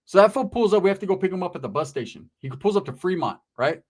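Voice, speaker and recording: A male comedian telling a profane story, rapid and animated, tagging lines with "right?". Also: high-pitched.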